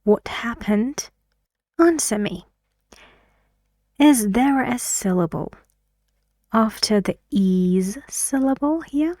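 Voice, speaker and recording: Very slow, dark-voiced woman teacher. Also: a little high, lively intonation, no echo. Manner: patient, asks learners questions. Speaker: English teacher. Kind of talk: video lesson explanation.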